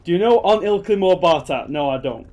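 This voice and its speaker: A streamer with a Yorkshire accent and a fairly high voice chats through his gameplay. He jokes, swears mildly and grumbles at the screen as he plays. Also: lively intonation, a little fast, darkish tone. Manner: jokey, chatty, swears mildly and mutters to the screen. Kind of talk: casual gameplay commentary.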